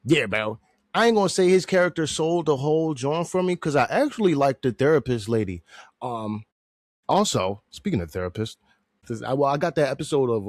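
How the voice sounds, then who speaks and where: A man's voice: medium pitch, no room sound, clean studio sound. A man hosting a podcast, chatting casually and rambling, joking and laughing often. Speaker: podcast host reviewing a movie. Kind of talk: casual slangy chat.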